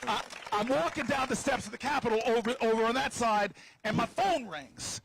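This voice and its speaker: A middle-aged man telling a story at an outdoor rally, animated and playful with the crowd. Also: extremely high pitch, normal speed, gravelly, background noise. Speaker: senator. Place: outdoors on building steps.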